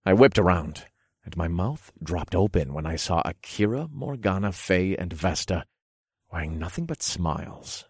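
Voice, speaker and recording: A man narrating an erotic audiobook in the first person, calm and commanding. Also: deep voice, normal speed, breathy edge, no room sound, clean studio sound.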